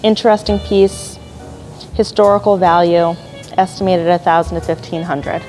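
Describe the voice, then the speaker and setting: A woman's voice: lowish voice, fairly even intonation, moderate pace, darkish tone, poor audio. A woman presenting jewelry and watches in an auction preview, describing each piece with admiring remarks and small apologies, over faint music. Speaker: auction house jewelry specialist.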